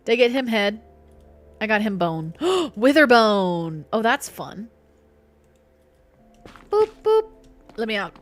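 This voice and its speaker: A woman's voice: medium pitch, very animated, a little slow, soft background music. A woman streaming a game, chatting playfully with her viewers and herself. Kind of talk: casual live-stream chat while gaming.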